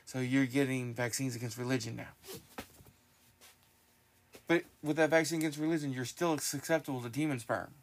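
A man hosting a podcast in casual chat, telling stories in a rambling, animated way with lots of restarts. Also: mid-range voice, moderate pace, long pauses, slight background noise. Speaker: podcast host.

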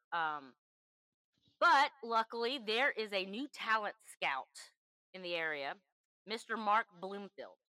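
A woman's voice: medium pitch, bright, forceful tone, no echo, rough recording. A woman hosting a true crime podcast, telling the story in an emphatic, chatty way. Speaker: podcast host.

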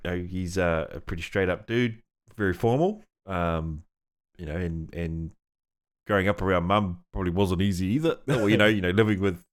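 Low-voiced New man, laid-back chat. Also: normal speed. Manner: rambling, laughs often, swears casually, many fillers. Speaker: podcast co-host. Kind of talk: casual chat. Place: studio.

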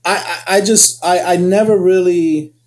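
A man with a somewhat high voice, chatting casually as a co-host. He rambles and trips over his starts before landing the point. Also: steady tone, measured pace, a little mellow. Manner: rambling, restarts sentences often. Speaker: podcast co-host. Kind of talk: casual chat.

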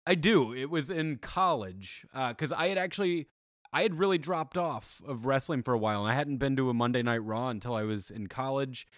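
A young man co-hosting a casual chat podcast, jokey and quick to laugh. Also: medium pitch, expressive, dry recording, studio quality. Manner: jokey, does mock impressions, laughs often. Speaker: podcast co-host.

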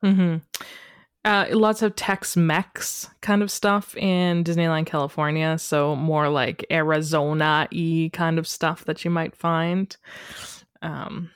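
A woman from western Canada co-hosting a podcast in loose, friendly chat. Her voice sits a little low, and she drops playful, jokey asides. The recording is dry and close. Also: level tone, takes it slowly, clear, resonant tone, dry recording. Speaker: podcast co-host. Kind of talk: casual chat.

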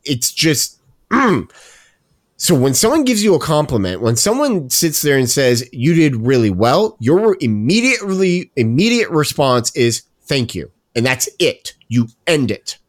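A man's voice: fairly high pitch, sing-song, a little slow, no room sound, studio quality. A man co-hosting a podcast, ranting emphatically and repeating himself as he makes his point. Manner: emphatic, repetitive, self-interrupting. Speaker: podcast co-host. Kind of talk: casual ranting chat.

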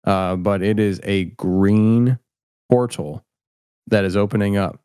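A man's voice: lowish voice, steady tone, slow, dark tone, clean tone, dry recording, studio quality. A middle-aged man chatting casually as an interview guest, rambling and self-deprecating with many restarts. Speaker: podcast host, guest filmmaker.

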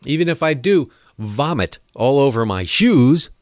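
A man's voice: medium pitch, big pitch swings, a little slow, darkish tone, a little hiss or hum. A man hosting his own show, giving rambling, sarcastic political commentary with the odd chuckle. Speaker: podcast host.

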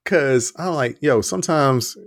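A man's voice: mid-range voice, a little slow, no room sound. A man co-hosting a podcast in a studio, telling casual, profane, laughing stories about his personal-training clients. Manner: profane, animated, laughing storyteller. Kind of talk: casual chat. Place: studio under hot lights.

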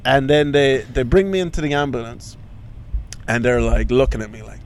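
A man's voice: medium pitch, normal speed, slight background noise. A young man telling a comic story on a podcast, swearing freely and acting out the voices of other people. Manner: swears a lot, acts out voices. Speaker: podcast co-host.

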